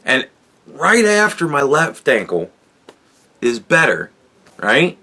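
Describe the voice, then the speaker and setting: A man's voice: mid-range voice, very animated, slow pace, sharp tone. Guy on his podcast ranting, swears a lot, rambly storytelling, regular voice. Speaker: podcast host. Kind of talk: casual monologue.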